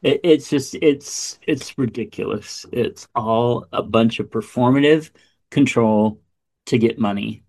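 A man in casual conversation, voice sitting in an ordinary middle register. He talks with animated exasperation, swears freely and often trails into asides. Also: medium pitch, measured pace. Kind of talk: casual political chat.

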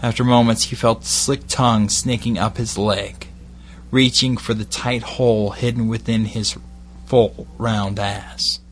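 A man with a Glaswegian accent slowly reading an erotic bedtime story in a measured, intimate way. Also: lowish voice, steady tone, slight background noise. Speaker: narrator.

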